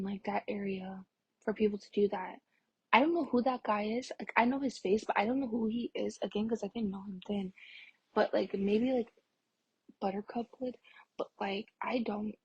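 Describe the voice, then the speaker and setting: A woman's voice: medium pitch, darkish tone, husky, no room sound. A young woman chatting casually to camera, telling a story with many fillers and now and then dropping to a whisper. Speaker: vlogger.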